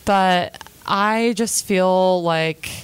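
A woman's voice: lowish voice, very slow, smooth, no echo. A young woman casually recapping a reality episode in a chatty, opinionated way, quoting the cast as she goes. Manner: chatty, opinionated, retells scenes with quotes.

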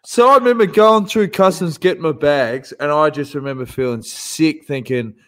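A man co-hosting a casual podcast, telling a story with lively acted-out voices. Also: on the high side, normal speed. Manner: animated, acts out voices in his stories. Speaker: podcast co-host.

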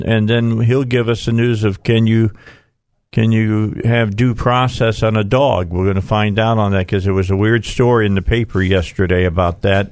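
A man's voice: fairly low pitch, darkish tone, no echo. A man hosting a radio talk show, folksy and rambling with frequent fillers.

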